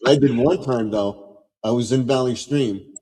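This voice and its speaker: A man's voice: mid-range voice, a little slow, dark tone. A man chatting on a casual live stream, telling rambling anecdotes and often murmuring agreement. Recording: voice with long reverb.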